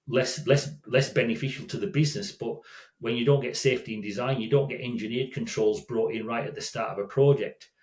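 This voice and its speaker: A man's voice: mid-range voice, darkish tone. An older man, a guest telling stories in a casual, rambling way with frequent restarts. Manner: rambling, many restarts and self-corrections. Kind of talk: casual storytelling. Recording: roomy echo.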